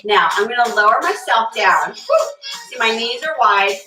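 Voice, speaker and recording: A woman's voice: fairly high pitch, lively intonation, normal speed, sharp tone. A female fitness instructor leading a barre workout class, cueing moves, counting reps and chatting with class members by name. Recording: echoey room, voice from far off, faint music.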